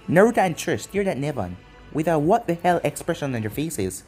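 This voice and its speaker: A man's voice: a little high, big pitch swings, brisk, a little mellow, faint music behind. A man narrating a fan fiction story in a plain storytelling manner.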